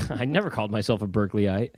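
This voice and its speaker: A man's voice: lowish voice, expressive, fairly quick, darkish tone, no echo, clean studio sound. A man co-hosting a casual comedy chat show, playful and prone to silly improvised singing. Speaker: podcast co-host.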